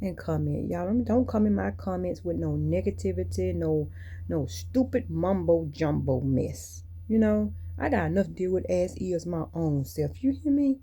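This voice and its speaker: Vlogger, female, gravelly voice, rambling and blunt monologue to camera. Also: lowish voice, normal speed, warm tone. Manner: rambling, candid and venting; colloquial and blunt. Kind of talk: casual monologue to viewers.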